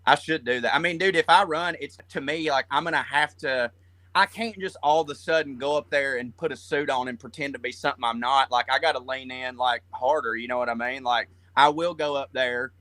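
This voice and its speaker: Southern man with a bright, forceful voice. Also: mid-range voice, a little fast, dry recording. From Georgia. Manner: profane, rambling, animated storytelling. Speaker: guest comedian. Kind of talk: casual comedic chat.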